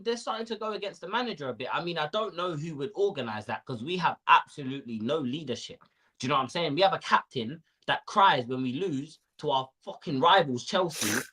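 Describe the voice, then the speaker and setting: A young man talks football on a casual panel, ranting with plenty of slang. His voice rises and falls with lively energy. Its tone is bright and slightly husky. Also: a little high.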